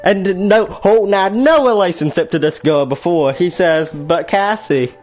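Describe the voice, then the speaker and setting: A man's voice: sits high, normal speed. A teenage boy telling a storytime vlog story in a rambling, crude way, often stopping to correct himself. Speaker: storytime vlogger. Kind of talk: casual storytelling. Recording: slightly muffled lo-fi audio with faint music.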